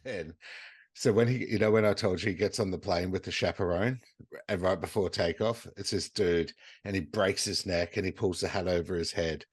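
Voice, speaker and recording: A man's voice: normal speed, slightly rough, dry recording. A man co-hosting a podcast, casually retelling movie scenes with swearing and acting out quotes. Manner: animated, swearing, acts out quotes in high voices. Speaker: podcast co-host.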